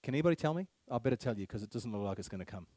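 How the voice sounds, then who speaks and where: A man's voice: mid-range voice, lively intonation, very fast, dark tone, no room sound. A man giving a public speech to a live audience, emphatic, repeating key phrases and firing rhetorical questions at the crowd. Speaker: speaker at a public meeting.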